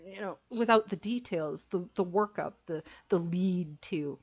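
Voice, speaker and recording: A woman's voice: fairly low pitch, a little slow, few pauses, slightly rough, muffled recording. A woman who writes erotica, talking frankly and animatedly as a podcast guest, with many fillers. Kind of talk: casual podcast chat.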